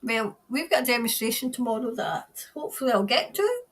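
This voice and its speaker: A woman's voice: a little high, very animated, a little fast. A woman with a Scottish accent hosting a casual livestream, reading viewer comments aloud and greeting people by name. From Scotland. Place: New Zealand.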